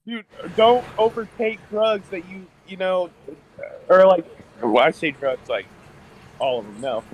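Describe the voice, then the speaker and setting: A man's voice: high voice, unhurried, slightly rough, dry recording, low-quality recording. A young man telling a personal story in a casual podcast chat, rambling with lots of fillers and restarts. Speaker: guest.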